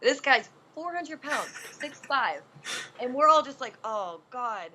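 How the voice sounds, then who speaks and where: Bright-voiced woman telling a wrestling story. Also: high-pitched, unhurried. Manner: animated, full of fillers like "um" and "like". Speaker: wrestler guest. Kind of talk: casual storytelling interview. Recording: dull lo-fi recording.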